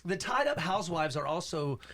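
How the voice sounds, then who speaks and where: A man's voice: on the high side, sing-song, brisk, bright, forceful tone. A man co-hosting a podcast, chatting casually and rambling through a movie recap with jokey asides. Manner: rambling and jokey, with filler restarts. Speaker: podcast co-host.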